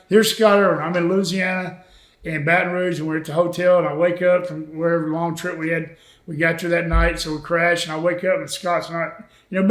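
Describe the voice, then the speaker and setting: Older man with a high, chuckly voice. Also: a bit bright, reverberant. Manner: chuckling, folksy, peppers talk with "man". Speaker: retired wrestler telling road stories. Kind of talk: shoot interview, anecdotal storytelling.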